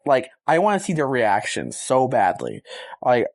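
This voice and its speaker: A young man casually reviewing a movie, excited and rambling, full of slang and fillers. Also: mid-range voice, measured pace, gravelly.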